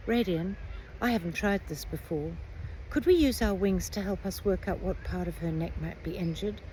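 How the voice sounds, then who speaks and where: An anxious little winged heroine from a storybook, voiced by a woman reader in a lifted, urgent voice. She sounds caring and determined, with a soft, mellow tone. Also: fairly low pitch, moderate pace, a little hiss or hum, lightly acted, rough recording. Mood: focused. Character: small winged girl, anxious but determined leader.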